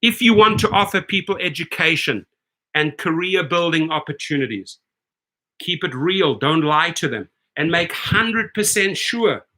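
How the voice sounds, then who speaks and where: A man's voice: a little high, sharp tone, low-quality recording. A man hosting a rideshare video, ranting in a confrontational way and speaking straight to the executives, often tagging "right?" onto his points. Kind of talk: ranting commentary vlog.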